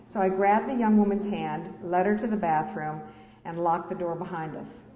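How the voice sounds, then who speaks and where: Reading her memoir aloud to an audience, this woman author mixes in candid, self-deprecating asides and laughs along the way. Her voice sits on the low side with a dark tone and a moderate pace, captured in a large lecture hall with echo, a dull lo-fi sound, and faint hiss.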